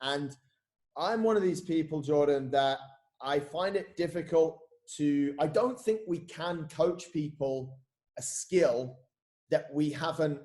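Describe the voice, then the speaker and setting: A man, a podcast guest and coach telling stories in casual, animated chat, swearing and saying "mate" a lot. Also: on the high side, slow pace.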